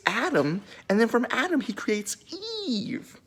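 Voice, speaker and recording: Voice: mid-range voice, takes it slowly, few pauses. A young video creator retelling Bible stories as comedy, rambling through jokes and side remarks. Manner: rambling, joking, animated asides.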